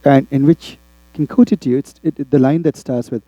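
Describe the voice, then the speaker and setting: A man from India teaching a class, often checking in with the students with quick tag questions. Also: mid-range voice, mellow, no echo, muffled recording. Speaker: instructor. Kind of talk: classroom lecture.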